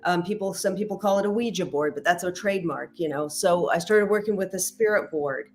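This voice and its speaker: A woman's voice: on the low side, brisk. A middle-aged woman, a matchmaker and intuitive reader, chatting as a podcast guest and acting out quoted dialogue as she tells stories. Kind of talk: casual interview storytelling.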